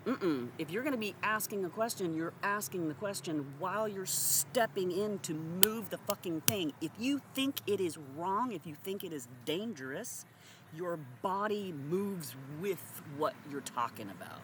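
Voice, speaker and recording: A woman's voice: fairly low pitch, expressive, normal speed, noisy background. A woman giving a blunt, sarcastic, profane monologue to her audience. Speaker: social commentator. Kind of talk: direct-to-camera monologue.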